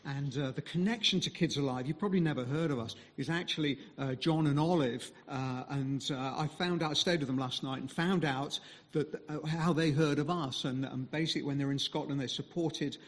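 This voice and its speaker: A man speaking as a visiting mission speaker, giving a conversational sermon full of pauses and fillers. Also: a little high, in a large hall. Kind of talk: sermon talk.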